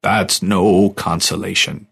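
Brief: a man playing a worn-out middle-aged president, low and husky, storybook reading. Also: level tone, fairly bright tone, heavily acted. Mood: weary. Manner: tired, measured.

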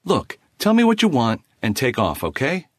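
A man's voice: medium pitch, wildly swooping pitch, moderate pace, no room sound, voice pushed up. A man voicing a young office writer who talks in a sarcastic, bitter way. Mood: exasperated.

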